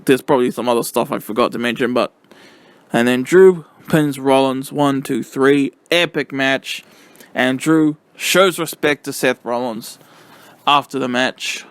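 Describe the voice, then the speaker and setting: A young man casually reviewing a wrestling event, excitable and rambling with lots of fillers. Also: medium pitch, measured pace, clear, resonant tone, dry recording.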